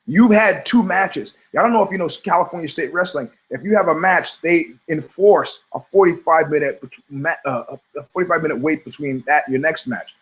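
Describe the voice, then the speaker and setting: Middle-aged male podcast host, slightly high-pitched, sardonic and profane, rambling comic storyteller. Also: fairly quick, hardly any pauses, fairly bright tone, low-quality recording. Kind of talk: rambling comedic monologue.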